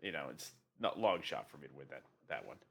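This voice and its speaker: A man in his twenties chatting on a podcast, halting and a bit sheepish, often restarting his sentences. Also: a bass voice, big pitch swings, gravelly, a bit bright. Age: 20s. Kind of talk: casual podcast chat. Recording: faint background noise.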